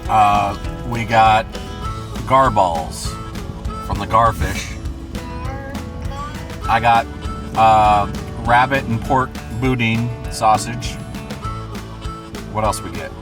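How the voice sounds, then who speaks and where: A man talking casually for a vlog in an easygoing, chatty way, pausing with fillers as he goes. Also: on the low side, steady tone, over music. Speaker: vlogger.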